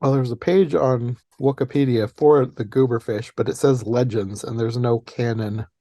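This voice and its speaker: Mellow-voiced man chatting on a podcast. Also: medium pitch, moderate pace, no echo, studio quality. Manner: animated, laughs often, retells plot details. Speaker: podcast host. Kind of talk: casual movie podcast chat.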